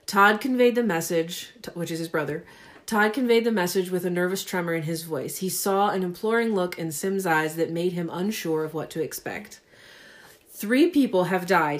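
Playful female podcast co-host, casual reader, easy laugher. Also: on the low side. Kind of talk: casual chat, reading aloud.

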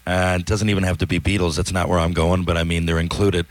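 A man's voice: sits low, little pitch movement, fast. A man hosting a podcast, asking eager, curious questions in a casual chat. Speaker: podcast host.

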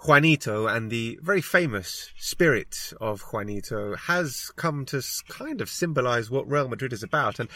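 A man's voice: medium pitch, expressive, normal speed, hardly any pauses, pushed and bright, no room sound. A male podcast host with a mid-range voice who leads a casual discussion. He speaks conversationally and keeps putting questions to the others. The sound is dry and close to the mic. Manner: conversational, puts questions to guests.

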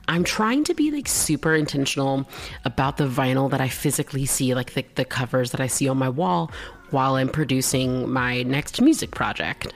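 A bubbly woman hosts her own podcast, chatting casually on her own. Her talk is loose and friendly, full of laughs and sudden high, excited jumps. Her voice keeps a gravelly edge at the bottom. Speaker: podcast host. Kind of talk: casual solo podcast chat.

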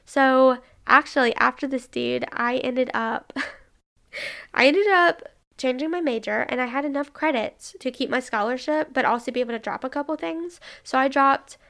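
A young woman casually telling a personal story, chatty and animated, acting out what people said. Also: high voice, normal speed, vocal fry, hardly any pauses. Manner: chatty, animated, lots of "like" and quoted dialogue.

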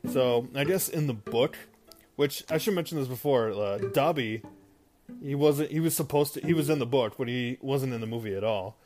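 A man's voice: medium pitch, moderate pace, darkish tone. A man casually recapping a film for a video, rambling with many fillers and asides. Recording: guitar music playing behind.

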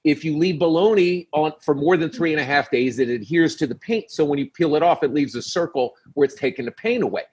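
Husky New man telling a story. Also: fairly high pitch, animated, fairly quick, few pauses, a little mellow, lo-fi sound. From New York City. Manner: punchy, tells a story with acted-out quotes and laughs. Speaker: guest comedian. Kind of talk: animated storytelling on a podcast.

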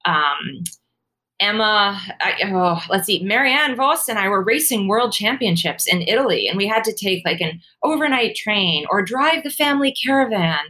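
Brief: woman guest, conversational storyteller, animated, laughs easily, lots of fillers, mid pitch. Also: normal speed. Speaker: guest, former pro cyclist and author. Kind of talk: casual interview conversation.

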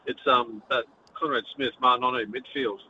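A man's voice: medium pitch, steady tone, moderate pace, bright, forceful tone, slight background noise. A man with a New Zealand accent calling in to a radio show, rambling and laughing often. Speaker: caller. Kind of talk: casual phone-in chat. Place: in transit. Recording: dull phone line.

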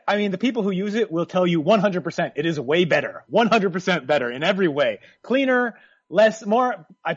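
Chatty new york guy cohosting, fairly high voice, dry slightly muffled mic. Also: dry recording. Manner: wry, talkative. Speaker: co-host. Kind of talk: casual chat.

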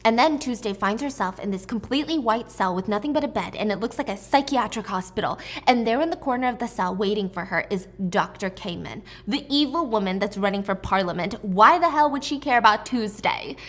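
A woman's voice: mid-range voice, lively intonation, a little fast, hardly any pauses. Chatty woman recapping a film dramatically. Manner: chatty and dramatic, with casual swearing. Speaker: movie recap vlogger. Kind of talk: casual story recap.

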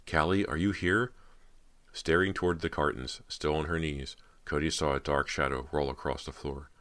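A man narrating a horror audiobook in an even, measured way. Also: extremely low pitch.

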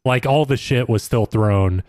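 A man's voice: medium pitch, unhurried, a little mellow, no echo, clean studio sound. A man co-hosting a podcast, making wry, sarcastic remarks while recapping a reality show. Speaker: podcast co-host.

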